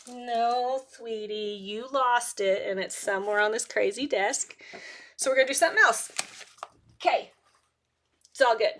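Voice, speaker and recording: A woman's voice: on the high side, unhurried, long pauses, fairly bright tone, a little hiss or hum. A woman hosting a live crafting stream, chatting casually and talking to herself as she works, often laughing. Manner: rambling, self-talk while working, laughs often. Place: crafting desk.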